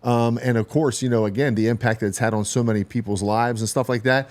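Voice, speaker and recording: A man's voice: medium pitch, fairly even intonation, fast, a little mellow. A man speaking as a podcast guest in a reflective, earnest way, asking questions in long strung-out sentences. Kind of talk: conversational interview.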